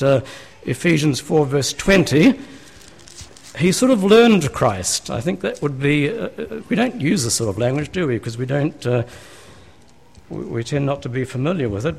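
A pastor preaches a sermon in church in a medium-pitched voice, talking conversationally and posing rhetorical questions to his listeners.

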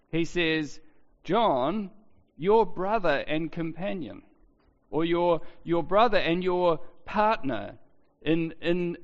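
Man preaching in a reverberant hall. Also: a little high. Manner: conversational, rhetorical questions, frequent restarts. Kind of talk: sermon. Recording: dull, lo-fi, long hall reverb.

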